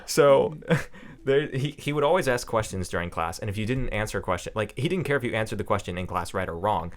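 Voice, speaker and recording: Lower-voiced young man telling stories. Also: a little fast. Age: young adult. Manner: animated storyteller who laughs often. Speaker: podcast co-host. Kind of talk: casual podcast chat.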